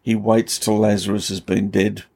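A man's voice: fairly low pitch, flat delivery, moderate pace, gravelly, a little mellow. A man, a pastor, explaining scripture in an earnest, emphatic conversational way. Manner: earnest, emphatic storytelling with rising intensity. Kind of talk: conversational Bible teaching.

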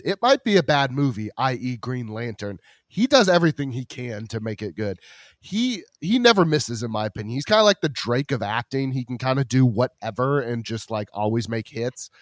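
A man's voice: medium pitch, very animated, moderate pace, no echo, clean studio sound. Enthusiastic rambling male podcast host. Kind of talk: casual chat.

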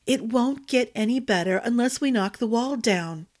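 A woman's voice: a little high, moderate pace, darkish tone, lightly acted. A woman voicing a young princess in disguise who speaks in an insistent, earnest way.

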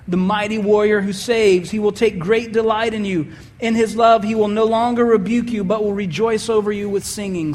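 Man, pastor, sermon, high voice, storytelling, acts out quotes, long hall reverb.

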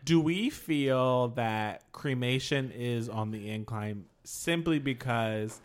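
A man's voice: medium pitch, slow pace. A man co-hosting a casual podcast chat, playful and profane, jumping in with jokes. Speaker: podcast co-host.

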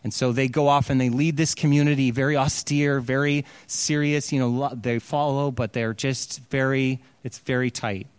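A man's voice: mid-range voice, steady tone, moderate pace, few pauses, clean tone, dry recording. A man preaching, animatedly retelling a story and acting out its quotes in a casual sermon style. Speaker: pastor.

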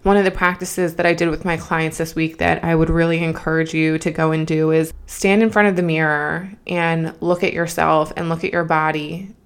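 Podcast host, female; low, smooth voice; earnest motivational pep talk, a little teary. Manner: earnest, emphatic, repeats phrases for emphasis. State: emotional, has been crying.

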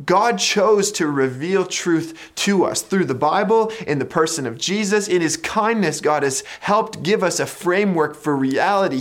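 A man preaching a sermon in a conversational way, retelling a story with drama and dropping to quiet emphasis on key lines. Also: a little high. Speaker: pastor.

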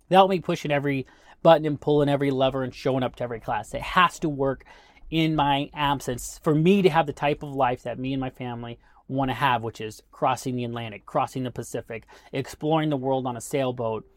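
A man's voice: on the high side, dry recording. A man hosting a podcast, giving casual motivational coaching with rhetorical questions. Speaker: podcast host.

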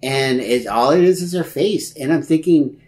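A man's voice: fairly high pitch, moderate pace. A man co-hosting a casual podcast chat, telling stories animatedly and acting out what people said. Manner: animated storyteller who acts out quotes. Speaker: podcast co-host.

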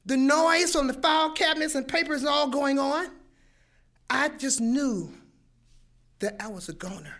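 Animated older woman telling a story. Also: sits high, a little slow, long pauses. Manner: animated, acts out sounds and voices. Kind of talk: personal storytelling to an audience.

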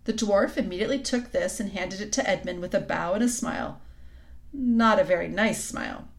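A woman narrating a children's book aloud in a calm, even storytelling manner. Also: medium pitch, fairly quick, creaky.

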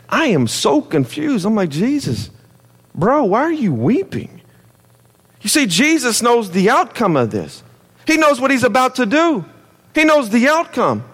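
Preacher guy, slightly high voice, goes loud then real quiet, big echoey church. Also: slightly rough. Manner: dramatic swings between loud and hushed; conversational preaching with repeated calls to listen. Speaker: pastor. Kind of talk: sermon. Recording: long hall reverb.

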